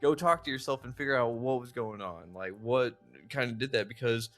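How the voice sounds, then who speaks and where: A man's voice: mid-range voice, brisk, a bit bright, soft background music. A man hosting a podcast interview, sharing personal reflections in casual chat with lots of filler words. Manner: reflective, many fillers like 'like'. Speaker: podcast host.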